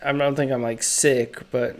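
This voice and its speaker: A man streaming live as he draws, chatting casually in slow, musing, self-critical asides, his throat feeling a little off. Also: medium pitch, flat delivery. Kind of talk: casual live-stream chat while drawing.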